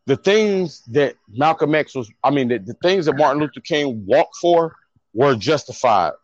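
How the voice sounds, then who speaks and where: A man's voice: a little high, lively intonation, normal speed, dry recording. A man in a casual podcast chat, ranting emphatically with a lot of profanity. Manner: preachy, emphatic, profane rant. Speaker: podcast co-host. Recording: dull lo-fi, dry sound.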